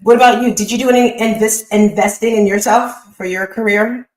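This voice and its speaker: A woman's voice: a little high, fairly even intonation, fairly quick, a little mellow. Upbeat woman host, roomy sound. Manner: upbeat, emphatic, repeats phrases. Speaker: host and business coach. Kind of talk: motivational talk on a live online call.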